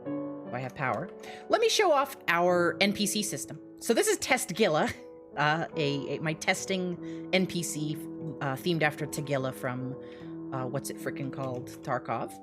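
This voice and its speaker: A young woman streamer, out of breath from rushing and laughing between phrases. Her voice sits fairly low but swings widely in pitch. Soft music plays faintly behind her. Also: expressive. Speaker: streamer and game mode developer. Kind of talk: excited live-stream walkthrough.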